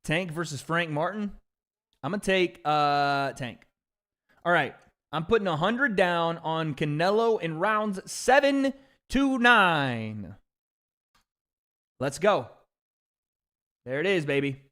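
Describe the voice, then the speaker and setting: A man hosting a casual livestream, talking in excitable slang with sudden outbursts of frustration. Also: on the high side, slow pace, long pauses. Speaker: livestream host.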